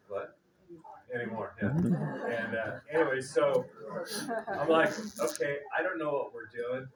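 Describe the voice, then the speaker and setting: A middle-aged man telling a loose, humorous story about his cousin at a memorial gathering, with plenty of fillers and quotes he acts out. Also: medium pitch. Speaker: eulogy speaker, cousin of the deceased. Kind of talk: informal storytelling eulogy. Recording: distant, roomy, with audience murmur.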